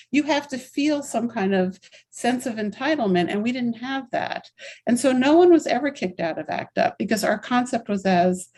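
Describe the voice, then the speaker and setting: A woman in her sixties speaks as a guest in an interview. Her delivery is candid and emphatic, and she strings her thoughts together in long, flowing runs. Her voice sits at a middling pitch for a woman. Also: darkish tone. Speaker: interview guest, activist and writer. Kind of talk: conversational storytelling interview.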